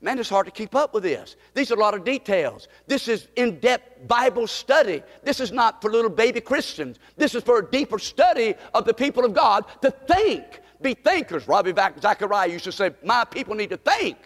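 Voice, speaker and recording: High-voiced preacher in a church hall. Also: male voice, sing-song, normal speed, few pauses. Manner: call-and-response preaching, rising to emphatic repetition. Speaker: pastor. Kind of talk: sermon.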